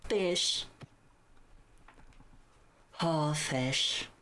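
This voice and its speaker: A woman's voice: low voice, extremely slow, a bit bright. A woman streamer chatting casually on a live stream, blunt, profane and teasing.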